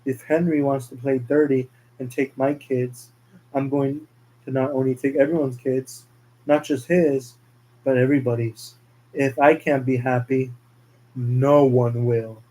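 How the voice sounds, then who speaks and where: Vengeful grieving father, slow and threatening; man doing the voice, warm low delivery. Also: flat delivery, close to an everyday voice, low-quality recording.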